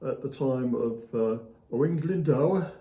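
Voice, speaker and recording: A man's voice: medium pitch, takes it slowly, warm tone, dull audio. A male author talking as an interview guest, retelling history in a rambling, anecdotal way with many fillers and small chuckles. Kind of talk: casual storytelling conversation. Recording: echoey room.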